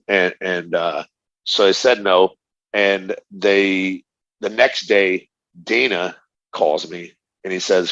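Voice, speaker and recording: Speaking at normal speed in a low, fairly bright voice, a middle-aged former fighter tells lively stories as an interview guest, acting out lines and laughing frequently in a casual storytelling interview. There's no room sound, and the highs are cut off.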